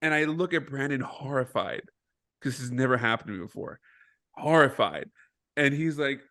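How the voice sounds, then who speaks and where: Animated man telling a story, higher voice. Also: fast. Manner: animated, swearing, laughing through a self-mocking story. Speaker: podcast co-host. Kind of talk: casual storytelling.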